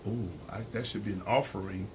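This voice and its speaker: Co-hosting a casual live stream, a man rambles in a relaxed way, often restarting his sentences and laughing. His voice is fairly low and fairly quick, with faint noise in the background.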